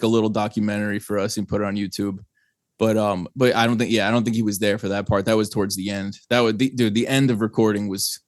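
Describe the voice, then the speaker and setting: A man's voice: lowish voice, no room sound, clean studio sound. A young man from New Jersey, a guest, chatting casually on a podcast in a laid-back, rambling way and swearing freely. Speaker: guest, band singer.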